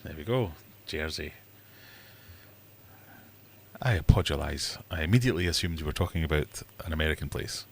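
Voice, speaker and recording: A man's voice: very deep voice, expressive, moderate pace, vocal fry, pauses often, a little hiss or hum. A middle-aged man hosting a casual livestream chat, rambling jokily with self-mocking asides and acting out other people's voices. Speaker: livestream host.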